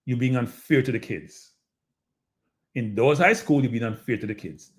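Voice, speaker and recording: A man's voice: medium pitch, normal speed. A man with a Jamaican accent hosting a live show, talking casually and animatedly to his audience and often repeating himself. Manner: animated, repetitive, addresses audience as people. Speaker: show host. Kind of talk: casual live-stream commentary.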